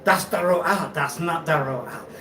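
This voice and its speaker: Male live-streamer, halting and repetitive, slightly high voice, recorded off-mic in a roomy, noisy space. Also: bright, forceful tone, distant mic. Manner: halting, repeats himself, laughs often. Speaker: livestream host. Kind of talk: rambling live-stream talk. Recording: echoey room, off-mic, noisy ambience.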